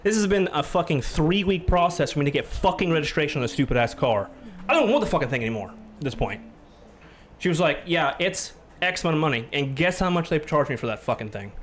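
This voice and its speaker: A man's voice: expressive, quick pace, a little hiss or hum. Ranting man swearing through a story. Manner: ranting, swears a lot, grows loud and high when angry. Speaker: podcast host. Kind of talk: casual podcast chat.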